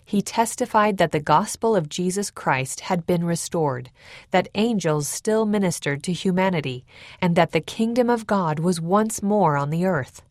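A woman reads a historical narration in a measured, even storytelling manner. Her voice sits somewhat low, and the studio recording is close and dry, with no room echo.

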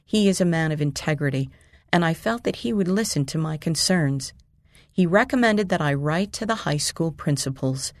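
A woman from the USA, a mother, reading her own story aloud in an earnest, steady narration. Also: low-pitched, moderate pace, dry recording, studio quality. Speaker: mother telling a personal story. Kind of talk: scripted narration.

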